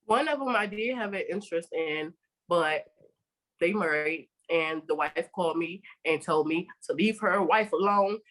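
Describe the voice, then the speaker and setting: A woman's voice: lowish voice, moderate pace, fairly bright tone, rough recording. A woman hosting a podcast, telling a story in casual chat and acting out both sides of the dialogue with plenty of swearing. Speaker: podcast host.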